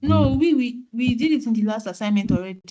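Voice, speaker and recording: A student giving short, quick replies to the teacher during an online class. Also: mid-range voice, animated, muffled recording, noisy background. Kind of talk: classroom answers.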